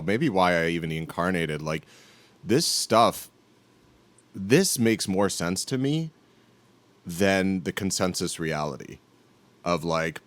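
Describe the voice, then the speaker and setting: A man co-hosting a podcast, talking earnestly with halting restarts in casual chat. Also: low voice, no echo. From northern United States. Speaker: podcast co-host.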